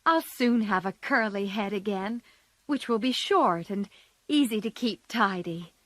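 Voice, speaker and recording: A spirited, impulsive teenage girl, voiced by a woman reading aloud, earnest and emotional in a storybook reading. Slow, close and dry. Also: mid-range voice, expressive, no echo.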